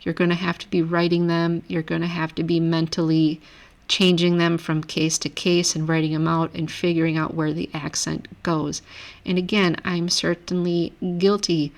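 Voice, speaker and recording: Teaching Greek grammar in a recorded lecture over a screen, a woman with a notably low voice explains each rule patiently. Her manner is relaxed, and she pauses now and then to correct herself.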